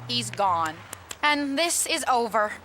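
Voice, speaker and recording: A woman's voice: on the high side, very animated, slow, a crowd in the background. An actress playing a flustered, earnest cartoon woman who stammers and speechifies.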